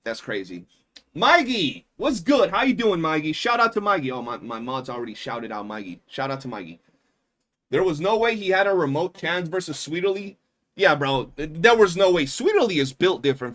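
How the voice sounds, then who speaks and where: Male streamer, casual chat, animated storytelling, lots of swearing, somewhat high voice. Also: moderate pace.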